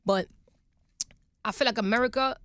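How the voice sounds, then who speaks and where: A woman from Jamaica, a recording artist chatting as a guest in a lively, laughing way. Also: fairly high pitch, moderate pace, no echo. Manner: lively, laughs often, quotes lines. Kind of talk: casual interview chat.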